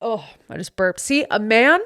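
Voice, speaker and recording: Chatty woman with a smooth voice. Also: a little high, normal speed. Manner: animated, acts out friends' voices in quotes. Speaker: podcast host. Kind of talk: casual storytelling chat. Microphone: studio microphone.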